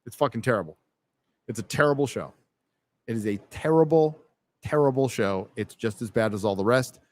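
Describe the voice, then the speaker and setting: A man hosting a casual livestream from a fandom bar reads out chat and donations, laughing often and keeping his talk loose and profane. His medium-pitched voice is lively in intonation and moves at a normal speed.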